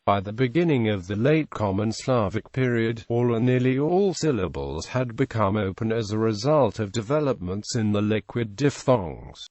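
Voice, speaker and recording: A man's voice: medium pitch, a little mellow, no room sound. Synthetic male voice reading an article, dry. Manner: reads symbols and abbreviations aloud literally. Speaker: narrator.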